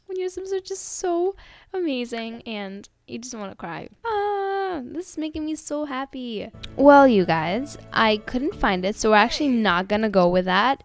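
A young woman giving casual gameplay commentary, excitable and gushing as she talks to her viewers. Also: on the high side. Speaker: gaming video host.

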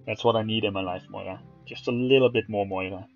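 Male streamer, teasing casual banter, mid-pitched, dull audio with faint music behind. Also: fairly even intonation, fast talker, creaky, hardly any pauses. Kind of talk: casual game commentary.

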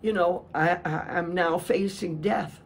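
A woman voicing a frail, dying elderly man who speaks softly and weakly. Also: sits high, steady tone, unhurried. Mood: pleading. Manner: soft and weak. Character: frail elderly man near death, pleading.

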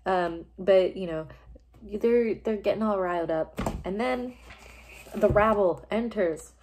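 A woman's voice: mid-range voice, slow pace, a little mellow. A woman recorded on a phone, talking through a play in a casual, chatty way with lots of fillers and the odd swear word. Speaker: video creator summarizing a play. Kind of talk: casual spoken commentary.

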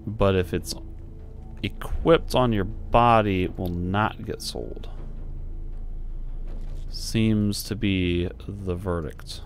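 A man's voice: sits low, fairly even intonation, takes it slowly, pauses often, faint music behind. A man giving casual commentary while playing a video game, thinking aloud and musing as he goes. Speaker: let's play streamer.

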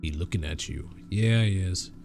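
A young man giving excitable live gameplay commentary, swearing and laughing as he reacts. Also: sits low, normal speed, faint music behind. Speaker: streamer.

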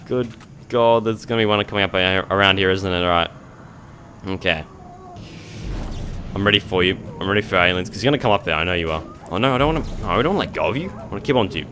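A young man giving jokey, excitable gameplay commentary, talking back to the monsters on screen. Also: low-pitched, fast, a little hiss or hum. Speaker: let's play gamer.

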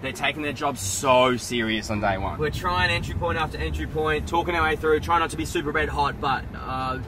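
A young man hosting a festival vlog, loud and sweary, full of hype. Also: on the high side, a little fast, background noise. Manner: loud, hyped, sweary banter. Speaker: vlogger host. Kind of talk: excited handheld festival vlogging. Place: outdoor music festival. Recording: loud festival music and crowd behind.

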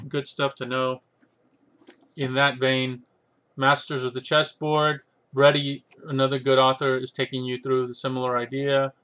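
A man's voice: medium pitch, pushed and bright. A man hosting a casual vlog, rambling through a bookshelf tour with many fillers and asides. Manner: rambling, filler-heavy, thinking aloud. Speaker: channel host.

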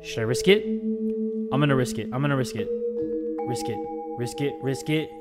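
A man hosting a horror game playthrough, excitable, going from hushed muttering to loud screams, his voice strained from screaming. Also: medium pitch, normal speed. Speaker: gaming video host. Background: creepy game music.

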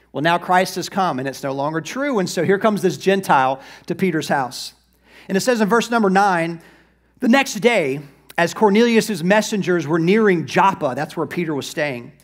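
A male pastor delivers an animated sermon in a high, bright voice. He slips into quick acted-out asides for the figures he talks about. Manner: lively preaching, acts out Bible figures in quick asides.

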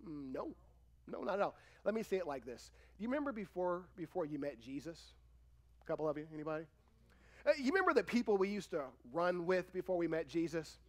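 A man pastor preaching a sermon in a church, animated and acting out quoted voices. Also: a little high, fairly quick. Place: church sanctuary.

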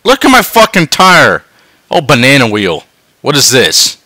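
A man swearing his way through a game, dropping to tired mutters and then yelling in excitement. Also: medium pitch, a little slow, long pauses, no room sound, studio quality. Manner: swearing, swinging between mutters and yelps. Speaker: gameplay commentator. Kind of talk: profane let's-play commentary.

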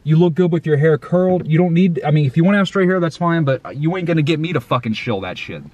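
A man hosting a vlog in a casual, profane rant, excitable and jumping between loud outbursts and muttered asides. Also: a little high, fast talker, lo-fi sound. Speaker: vlog host.

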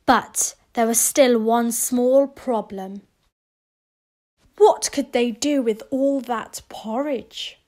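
A woman reading a children's picture book aloud, expressive, with gasps and whispered asides. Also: a little high, slow. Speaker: children's story reader.

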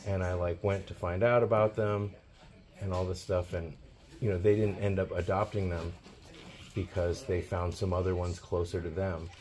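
Low-voiced man chatting at a rescue. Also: little pitch movement, normal speed, darkish tone. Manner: earnest, chatty, explains animal care. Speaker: host of animal rescue channel. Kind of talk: casual on-location vlog chat.

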